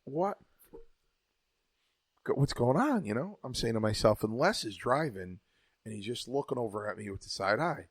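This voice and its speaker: A man's voice: medium pitch, animated, normal speed, pauses often, breathy edge, no room sound. Rambling, profane man telling old stories. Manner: rambling, profane, stumbling restarts. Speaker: podcast co-host, former wrestler. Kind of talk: casual storytelling banter.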